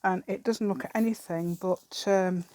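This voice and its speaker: A woman's voice: on the low side, steady tone, normal speed, warm tone. A woman chatting casually while she crafts at an outdoor table, rambling along with self-deprecating asides. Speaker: craft vlogger. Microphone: camera set on the table.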